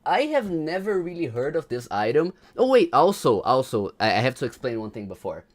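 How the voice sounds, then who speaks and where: A man's voice: mid-range voice, big pitch swings, brisk. A man hosting a casual livestream, chatting to viewers, greeting them by name and hyping up the stream. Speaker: livestream host.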